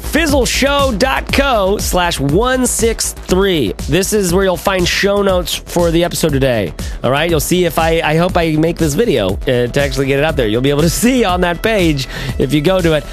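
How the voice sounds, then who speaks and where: A man hosting a podcast in casual chat, animated and rambling with restarts. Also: a little high, fairly quick, soft background music. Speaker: podcast host.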